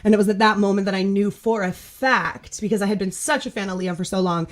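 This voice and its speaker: A woman hosting a casual video call podcast, telling a story with bubbly, gushing energy. Her voice sits at an ordinary middle pitch and she laughs easily as she talks. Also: steady tone, fast. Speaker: podcast host. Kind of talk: casual group chat storytelling.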